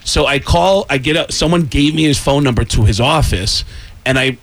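A man, a stand-up comedian, telling a story in casual chat, animated and laughing through lines. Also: medium pitch, moderate pace. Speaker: stand-up comedian and voice actor guest.

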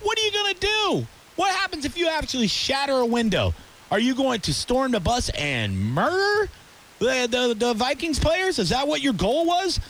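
A man's voice: very high-pitched, very animated, moderate pace, fairly bright tone, slight background noise. A man hosting a sports talk show, ranting heatedly about rival fans. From Tampa area. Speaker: radio show host.

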